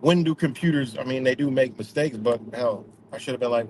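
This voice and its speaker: A man's voice: mid-range voice, a little fast, noisy background. A man talking casually in a rambling way, full of fillers, restarts and swearing. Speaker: vlogger. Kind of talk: casual spoken reflection.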